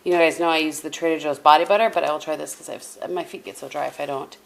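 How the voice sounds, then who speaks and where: A woman's voice: low-pitched, fairly even intonation, fast talker, vocal fry. A middle-aged woman vlogging at home, chatting casually to camera in a rambling way with many restarts. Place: at home indoors. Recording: echoey room with faint background hum.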